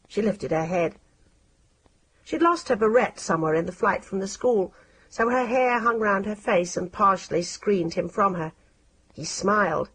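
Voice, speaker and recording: A woman narrating an audiobook in a measured, expressive reading style. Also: on the low side, breathy edge.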